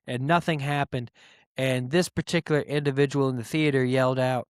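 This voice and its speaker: A man's voice: mid-range voice, a little fast, smooth, no echo, studio quality. A man hosting his own podcast, ranting comically and profanely about a rude moviegoer, mocking people in quoted voices. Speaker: podcast host. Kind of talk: solo comedic rant.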